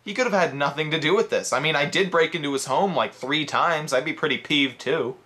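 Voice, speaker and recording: A man's voice: a little high, a little fast, sharp tone. A man giving a comedic, sarcastic video game review. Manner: sarcastic, joking.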